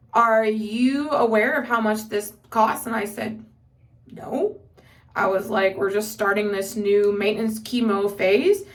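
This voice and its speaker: A woman speaking as a mother in a casual personal vlog, telling her family's story candidly with many "like" fillers. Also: a little high. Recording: voice somewhat distant from the mic.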